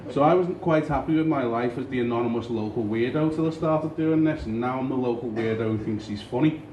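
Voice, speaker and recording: A young man from Liverpool with a Scouse accent, doing a dry, deadpan stand-up set in a small comedy club. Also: medium pitch, fairly quick, lo-fi sound. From Liverpool, England. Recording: roomy far-off club recording with crowd noise.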